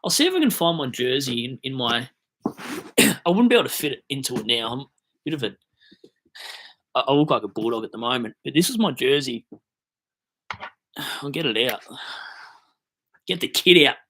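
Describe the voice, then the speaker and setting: A man's voice: medium pitch, expressive, moderate pace, long pauses, fairly bright tone, a little hiss or hum. A young Australian man hosting a livestream, telling rambling footy stories and reading chat aloud, swearing casually. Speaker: livestream host.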